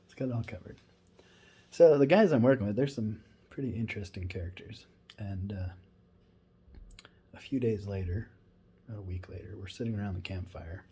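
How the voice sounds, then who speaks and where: A man's voice: lowish voice, moderate pace, long pauses, mellow, slight background noise. A former wildland firefighter, a man, tells a funny story in a laid-back, rambling way with many asides. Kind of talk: casual humorous storytelling.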